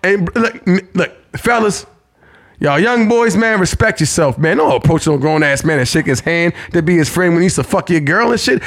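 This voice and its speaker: A man's voice: high voice, lively intonation, normal speed, fairly bright tone. A man telling a profane story in a casual podcast chat, acting out what people said and laughing often. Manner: profane storytelling, acts out quotes, laughs a lot. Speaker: podcast co-host.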